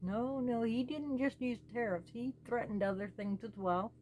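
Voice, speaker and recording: A woman from the United States, talking slowly and earnestly as host of her own small channel, pleading with her listeners. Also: on the high side, a little mellow, a little hiss or hum. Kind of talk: personal spoken commentary.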